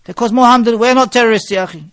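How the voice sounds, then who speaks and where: A man's voice: extremely high pitch, very fast, dry recording, studio quality. A male preacher, lecturing a gathering and telling stories, with phrases mixed into his English. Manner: mixes Arabic phrases into English, animated storytelling. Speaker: Islamic preacher.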